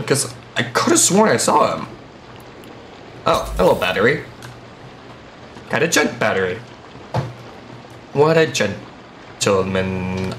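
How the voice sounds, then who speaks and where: A man giving excitable, jumpy let's play commentary while playing a horror game, quick to shout and laugh. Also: mid-range voice, echoey room, slight background noise.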